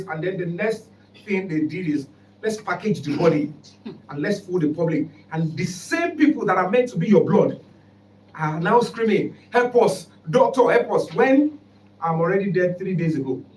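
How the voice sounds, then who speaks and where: A man with a Nigerian English accent, a human rights foundation spokesman giving an emphatic, formal press conference statement. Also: high-pitched. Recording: roomy hall, distant mic, faint background noise.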